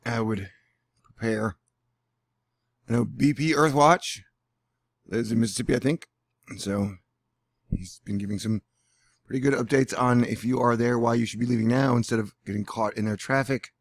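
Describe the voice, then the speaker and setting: Brief: male vlogger, gravelly, dry close sound, sarcastic and rambling. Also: mid-range voice, moderate pace, long pauses, dry recording. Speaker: weather vlogger. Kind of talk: casual vlog commentary. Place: indoors at home.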